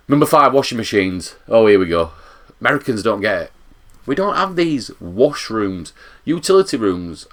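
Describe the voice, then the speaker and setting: Casting note: South Yorkshire bloke, lowish voice, animated, rambling, casual vlogger. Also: male voice, normal speed. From England. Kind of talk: casual reaction vlog.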